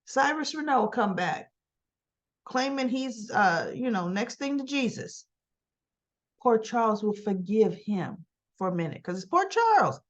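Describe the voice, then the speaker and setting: A woman's voice: on the high side, sing-song, unhurried, lo-fi sound. A woman giving a casual, sassy soap opera recap, full of rhetorical questions and tag questions. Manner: sassy, talks straight to the characters.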